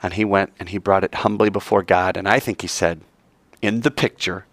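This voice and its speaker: A man preaching a sermon, telling stories in an animated way and asking his audience questions. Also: sits low, a little fast, dry recording.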